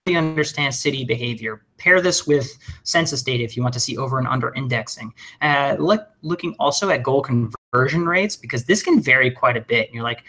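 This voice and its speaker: Bright-voiced energetic man teaching. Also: mid-range voice, brisk, hardly any pauses. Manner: energetic, joking, conversational with many fillers. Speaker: webinar trainer. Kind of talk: recorded webinar lesson.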